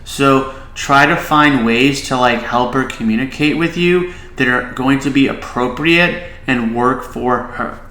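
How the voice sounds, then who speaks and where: A man's voice: mid-range voice, measured pace, few pauses, sharp tone, roomy sound, a little hiss or hum, poor audio. A man, a child behavior specialist, giving casual reaction commentary and advice, with many filler "likes".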